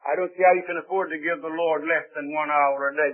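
A man preaching a folksy, emphatic sermon with an American accent, swinging between loud and quiet. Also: on the high side, a little fast. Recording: tinny old radio broadcast.

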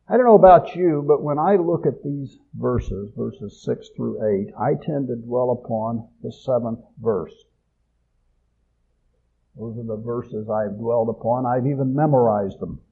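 A man preaching a sermon, swelling loud on key phrases and dropping low at the ends. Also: unhurried, vocal fry, breathy edge. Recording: tinny phone-like audio.

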